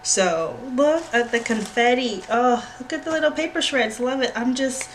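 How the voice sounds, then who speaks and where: A woman hosting a planner unboxing vlog, gushing and squealing with excitement. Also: a little high, moderate pace, few pauses. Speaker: planner channel host. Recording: noisy home recording with clicks.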